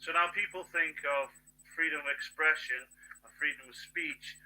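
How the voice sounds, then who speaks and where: Agitated, swearing man, bright voice. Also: on the high side, normal speed, rough recording. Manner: agitated, swearing, bursts into shouting. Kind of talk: rambling monologue.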